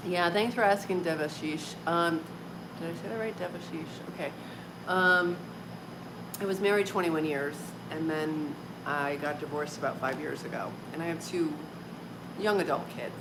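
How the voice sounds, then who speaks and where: A woman in her forties, with a low-pitched voice at normal speed, hosts a casual livestream from home. She chats with viewers, laughs often, and fills her speech with lots of "like" and "um." Background noise comes through clearly on the recording.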